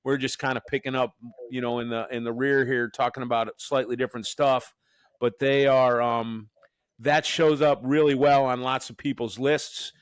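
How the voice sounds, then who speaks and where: Smooth-voiced joking podcast host. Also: male voice, medium pitch, flat delivery, moderate pace, no room sound. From Northeastern US. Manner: rambling, joking, many restarts. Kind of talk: casual podcast chat.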